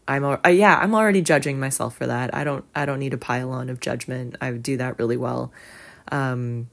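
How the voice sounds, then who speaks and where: A woman's voice: very deep voice, creaky. A woman hosting a solo podcast, rambling and self-deprecating, with lots of fillers. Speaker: podcast host. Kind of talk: casual solo podcast chat.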